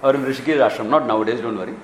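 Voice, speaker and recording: A man's voice: medium pitch, very fast, a little hiss or hum. Male Indian spiritual teacher, Kerala-born, chuckling storyteller in an echoey hall. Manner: animated storytelling, acts out dialogues, chuckles often. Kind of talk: Vedanta discourse.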